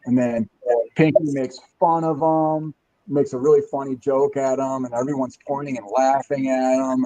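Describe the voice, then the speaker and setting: A man's voice: medium pitch, dark tone, poor audio. A man on a casual podcast chat, retelling a comic's plot in a rambling way with lots of fillers and chuckles. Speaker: guest.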